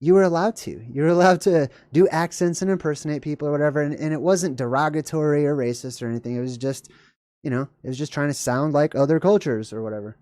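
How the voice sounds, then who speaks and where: A man hosting a casual video, commenting in a jokey, animated way. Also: fast talker, no room sound, clean studio sound. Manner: animated, jokey, voice jumps high when excited. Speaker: video host.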